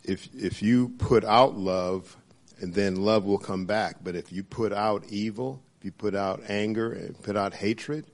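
A man sharing reflections in a church group, halting with many pauses and fillers. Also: on the low side. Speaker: church small-group member.

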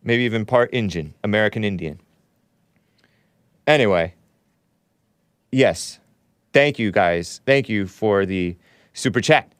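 A man hosting a call-in show, chatting casually, laughing often and jumping up in pitch now and then. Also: a little slow, long pauses, clear, resonant tone, dry recording, clean studio sound.

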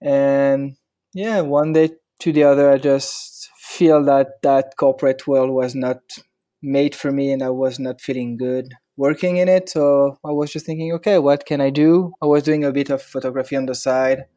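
Soft-spoken French man, hesitant. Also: medium pitch, fairly even intonation, moderate pace. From France. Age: 30s. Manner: hesitant, apologetic, searching for words. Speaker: guest photographer. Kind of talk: casual podcast chat.

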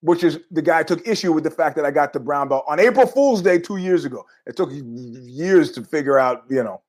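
A man's voice: a little high, animated, fairly quick, darkish tone. A middle-aged man hosting a podcast, telling rambling, jokey stories in a casual monologue with asides. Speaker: podcast host.

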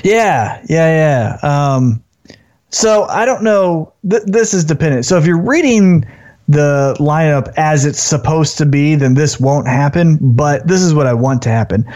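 A man co-hosting a casual wrestling podcast, talking in an animated way and briefly acting out wrestlers in put-on voices. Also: a little high, a little slow. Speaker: podcast co-host. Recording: dull lo-fi sound.

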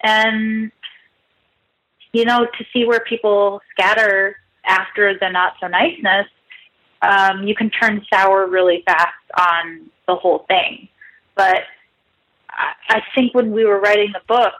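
A woman's voice: medium pitch, steady tone, measured pace, fairly bright tone, poor audio. A woman guest writer in her thirties, chatting casually and self-mockingly, full of "like" and asides. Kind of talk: casual podcast interview.

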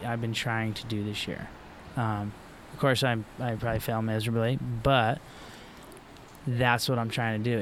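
A man's voice: medium pitch, a little hiss or hum. A middle-aged man from Florida, a pro surfer guest, talking in a loose, rambling way with lots of fillers and restarts. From Florida, USA. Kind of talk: casual podcast conversation.

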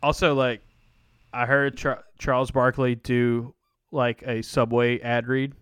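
Rambling, smooth-voiced man on a podcast. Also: medium pitch, little pitch movement, slow pace, fairly bright tone, dry recording. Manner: rambling, many fillers and restarts, laughs often. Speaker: podcast co-host. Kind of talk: casual sports chat.

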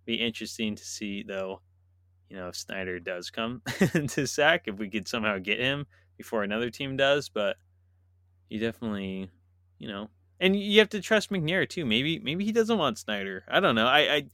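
A man's voice: mid-range voice, big pitch swings, moderate pace, sharp tone, clean tone, no room sound, studio quality. A man co-hosting a casual sports podcast, talking animatedly, laughing and acting out imagined quotes. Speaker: podcast co-host.

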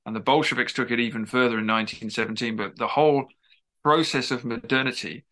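Being interviewed about his writing, this man speaks expansively and forcefully, wandering off and restarting often in casual conversation. He talks quickly in a steady, mid-range voice with a fairly bright tone.

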